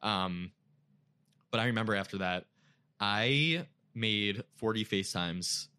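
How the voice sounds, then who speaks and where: A young man with a low but bright, forward voice shares a heartfelt personal story in casual talk. He leans on "like" constantly and sounds openly emotional. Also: slow, clear, resonant tone. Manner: emotional, frequent "like" fillers. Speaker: guest.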